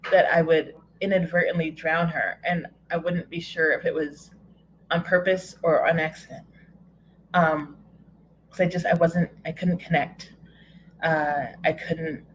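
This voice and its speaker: Low-voiced woman telling a wry personal story. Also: slight background noise, rough recording. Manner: wry, self-mocking humor with candid pauses. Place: at home.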